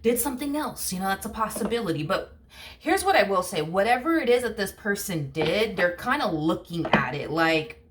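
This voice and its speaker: A woman's voice: mid-range voice, sing-song, moderate pace, a little hiss or hum. A woman giving a casual tarot reading to camera, rambling and full of fillers like "you know what I mean". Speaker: tarot reader.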